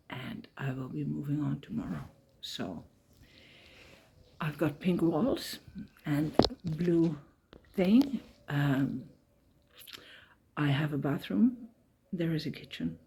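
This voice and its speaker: A pilgrim woman telling her day to the camera in a slow, breathy voice. She chats casually and acts out the people she met. She sounds emotional, close to tears. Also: deep voice, animated, warm tone. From Ireland. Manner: chatty storytelling, retelling conversations. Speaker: walking pilgrim vlogger. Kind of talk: casual travel vlog.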